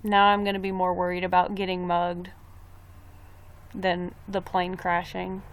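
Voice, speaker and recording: A young woman talks casually to her live-stream viewers in a slightly low voice. She rambles from thought to thought and reads out their comments as she goes. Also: monotone, a little slow. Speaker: livestreamer.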